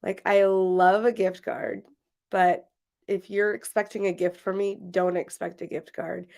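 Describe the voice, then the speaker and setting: A woman's voice: medium pitch, level tone, measured pace, darkish tone. A woman from Washington State co-hosting a podcast livestream, chatting casually with frequent laughs and rambling restarts. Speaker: podcast co-host.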